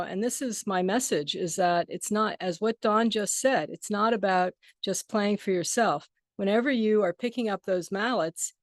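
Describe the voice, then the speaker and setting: A woman's voice: mid-range voice, no echo, clean studio sound. A woman on a video call talking enthusiastically about playing gongs, rambling with many fillers. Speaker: gong practitioner sharing. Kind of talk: casual sharing on a video call.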